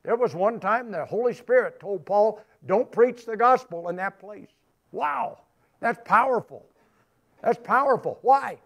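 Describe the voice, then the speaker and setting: A man's voice: high voice, expressive, measured pace, creaky. A man pastor preaching a sermon in church, emphatic and repetitive, rising in bursts. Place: church sanctuary.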